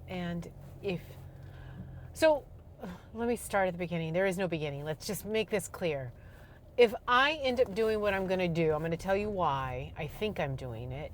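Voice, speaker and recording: A middle-aged woman, rambling loudly and self-deprecatingly to camera while driving, on a clip-on mic. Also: medium pitch, slight background noise. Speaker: vlogger. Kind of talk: rambling casual monologue. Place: in her car while driving. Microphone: clip-on microphone.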